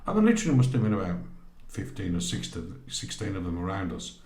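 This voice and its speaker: Lively storytelling man, roomy sound. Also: low-pitched, fast. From England, from Great Barr. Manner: animated, acts out both sides of conversations in quoted voices. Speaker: podcast guest telling a travel story. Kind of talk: casual anecdote storytelling. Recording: roomy echo.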